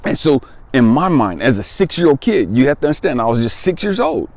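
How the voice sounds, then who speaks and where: A man's voice: mid-range voice, very animated, fairly quick, creaky, a little mellow. A man in his fifties, a spiritual life coach, sharing a personal testimony in an emphatic, conversational way and repeating phrases for weight.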